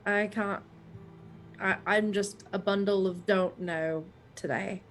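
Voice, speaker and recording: A woman's voice: medium pitch, steady tone, slow pace, soft background music. A woman playing a tabletop game, talking in an anxious, hesitant, playful way. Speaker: player. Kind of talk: casual tabletop play.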